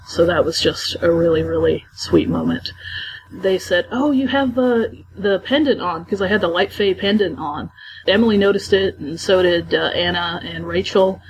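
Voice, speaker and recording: A woman's voice: fairly low pitch, slight background noise, poor audio. A woman co-hosting a fan podcast, telling stories from a convention in an enthusiastic, chatty way. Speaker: podcast co-host. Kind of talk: casual podcast recap.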